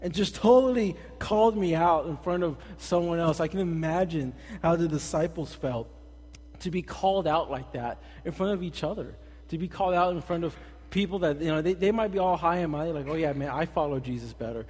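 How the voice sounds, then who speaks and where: A man's voice: on the high side, fairly quick, a little mellow, long reverb tail. A man preaching a sermon as pastor, talking casually and telling stories. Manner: conversational, storytelling with acted quotes.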